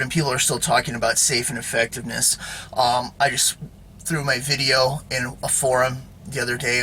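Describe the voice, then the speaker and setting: Man host, casual monologue; bright-toned, rambles, leans on filler words and "right?" checks with the viewer. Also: medium pitch, a little hiss or hum. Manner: rambling, full of fillers and tag questions. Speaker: video host.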